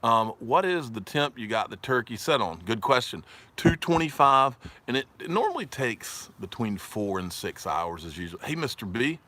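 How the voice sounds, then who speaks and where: A man's voice: medium pitch, big pitch swings, moderate pace, bright, forceful tone. A man with a Southern US accent hosting a casual livestream, rambling, joking, laughing often and reading viewer comments aloud. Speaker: livestream host.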